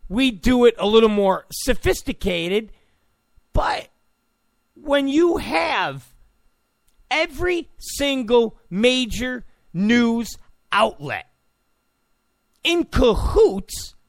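Gravelly, high-pitched ranting male commentator. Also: no echo, clean studio sound. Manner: emphatic, repetitive, ranting delivery. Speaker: political commentator. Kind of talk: opinion monologue.

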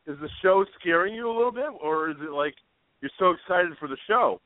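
A man's voice: sits high, expressive, brisk, no echo. A man co-hosting a radio show, chatting casually with an easygoing, teasing manner. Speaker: radio co-host. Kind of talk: casual chat. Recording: dry tinny phone-like sound.

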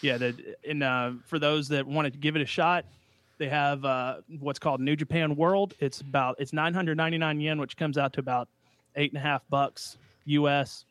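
A man's voice: a little high, fairly even intonation, normal speed, fairly bright tone, no echo. Hesitant man chatting on a podcast, dry. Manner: hesitant, many fillers and restarts. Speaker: podcast guest. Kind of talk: casual podcast chat.

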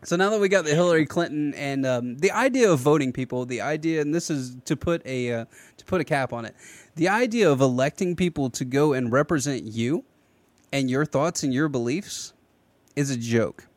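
A man hosting a casual political podcast, talking in an animated, rambling way with many restarts. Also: a little high, moderate pace, dry recording. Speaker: podcast host.

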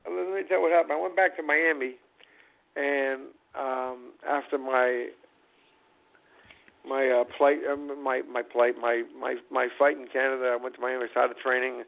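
A man's voice: mid-range voice, little pitch movement, moderate pace, gravelly. A man, a former boxer, telling his life story as a guest on a call-in talk show, rambling and repeating words, acting out the dialogue. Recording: phone-line audio.

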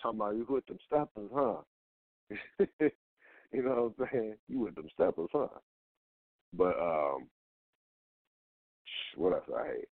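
A man's voice: fairly low pitch, expressive, a little slow, long pauses, no echo. A man hosting a casual, profane rant, blunt and repetitive, firing rhetorical questions at the things he hates. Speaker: host of a rant show. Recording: dry, tinny phone-like sound.

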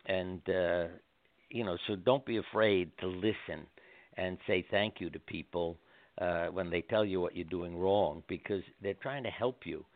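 An older man, a doctor and interview guest, telling gentle anecdotes and acting out the people he quotes. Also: deep voice, unhurried, no room sound. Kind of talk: storytelling interview. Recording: dry phone line.

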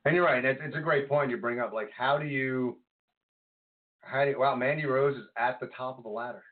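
A man co-hosting a podcast, chatting casually about wrestling in an animated, exasperated way. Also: mid-range voice, brisk. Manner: animated, exasperated ranting, breaks into laughter. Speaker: podcast co-host. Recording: tinny phone-like audio.

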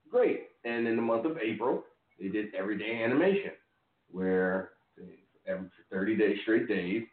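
A man's voice: on the low side, reverberant, phone-quality sound. A man co-hosting a wrestling call-in podcast, chatting casually and laughing often. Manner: laid-back, laughs often, slangy. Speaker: podcast co-host. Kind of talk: casual chat.

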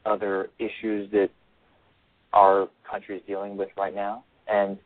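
A man's voice: on the low side, monotone, a little slow, dry recording. A male author giving a radio interview over the phone, earnest and repeating his phrases as he explains. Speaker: author and guest. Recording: tinny phone line.

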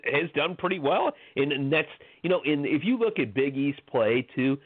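A man's voice: on the high side, animated, normal speed, slightly rough, no room sound. A man talks college basketball in a loose, rambling way, piling up fillers and restarting his sentences. His voice comes through dry and tinny, like a phone line. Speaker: sports blogger. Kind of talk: casual sports podcast chat.

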